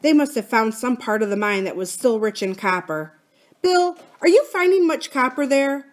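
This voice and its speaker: A woman's voice: a little high, lively intonation, normal speed, voice pushed up, close to an everyday voice. A woman voicing an earnest, anxious schoolboy in a storybook reading. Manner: earnest, pleading.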